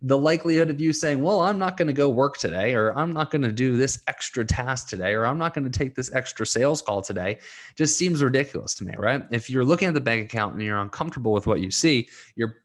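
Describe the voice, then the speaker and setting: A man's voice: medium pitch, expressive, fast talker. A young man hosting a solo podcast, talking earnestly and getting emotional, laughing through tears at times. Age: young adult. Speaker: podcast host and coach.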